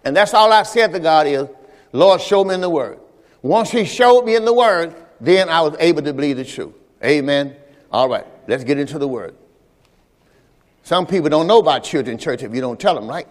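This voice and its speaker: Speaking a little fast in an animated voice on the high side, a pastor gives his Sunday sermon conversationally, sharing personal stories with the congregation. It's recorded in a reverberant church hall during the service.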